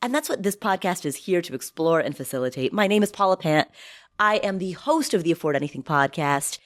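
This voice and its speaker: A woman hosting a podcast in casual, upbeat chat, emphatic and quick to laugh. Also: fairly low pitch, lively intonation. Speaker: podcast host.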